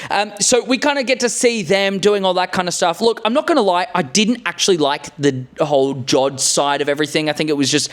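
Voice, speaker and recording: A man chatting casually as he recaps a show, rambling and restarting his sentences with blunt, cheeky remarks. His voice sits a little higher than most men's. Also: a little fast, few pauses.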